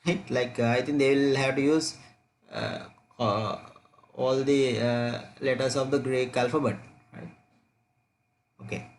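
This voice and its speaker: A man's voice: mid-range voice, animated, unhurried, creaky, pauses often, slight background noise. A man teaching an online chemistry revision class, repeating key points and checking students' answers aloud.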